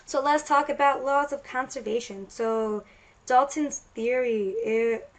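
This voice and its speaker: Chatty woman teacher, fairly high voice. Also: a little slow, rough recording. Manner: casual, chatty explaining with many restarts. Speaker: science teacher. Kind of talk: recorded classroom lecture.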